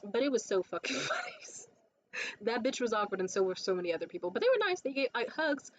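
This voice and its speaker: A woman's voice: on the high side, quick pace. Woman, comedy producer, blunt profane vlog rant; slightly muffled recording with light background noise. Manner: blunt, profane, animated storytelling. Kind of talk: casual rant to camera.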